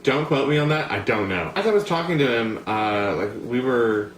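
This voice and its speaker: A man's voice: medium pitch, lively intonation, moderate pace, a little hiss or hum. A young man from the United States vlogging to camera in a chatty, rambling way, full of fillers and asides. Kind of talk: casual talk to camera. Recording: echoey room, faint background ambience.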